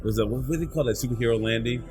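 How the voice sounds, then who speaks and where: A man's voice: mid-range voice, racing, over music. A man co-hosting a casual podcast, rambling and laughing often. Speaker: podcast co-host. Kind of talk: casual chat. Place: home podcast setup. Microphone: studio mic. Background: game trailer playing.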